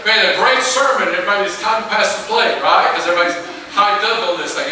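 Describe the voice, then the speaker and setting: A Texan man preaching in a church, folksy and animated, often turning to ask the congregation questions. His somewhat high voice comes from a distance and echoes strongly around the room, with a steady hum of noise behind it. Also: quick pace, few pauses. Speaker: pastor. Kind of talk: sermon. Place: church sanctuary.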